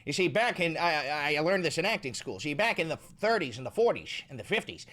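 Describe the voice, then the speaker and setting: A man hosting a reaction video, chatting casually in an animated, joking, profane way. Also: sits high. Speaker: host.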